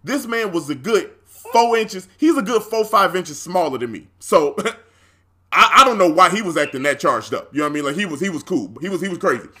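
Podcast co-host, male, animated storyteller with a bright, high and very expressive voice, quick to laugh and swear. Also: breathy edge. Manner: animated, acts out the other people's lines, laughs often, swears freely. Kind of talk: casual storytelling chat.

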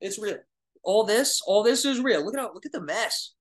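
A young man with a Long Island New York accent, an oral surgery resident answering viewer questions in a casual livestream from his apartment, excitable and chatty, often restarting and trailing off. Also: sits high, moderate pace. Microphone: phone or webcam livestream.

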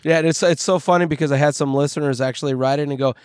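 A man co-hosting a casual podcast chat, joking around and often pausing to search for words with fillers. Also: a little high, fairly even intonation, darkish tone, clear, resonant tone, no echo, studio quality. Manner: jokey, hesitant, searches for words with many fillers. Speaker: podcast co-host.

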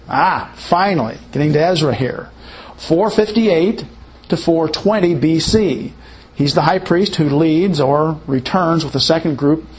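Man, Bible study teacher, slow pace, gravelly, self-correcting. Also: on the high side. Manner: unhurried, explanatory, with fillers and self-corrections.

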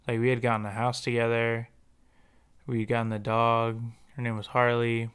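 A man's voice: medium pitch, normal speed, smooth. A young American man hosting a podcast, telling a personal story in a candid, profane and slangy way. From United States. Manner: profane, slangy, animated when quoting others. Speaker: podcast host.

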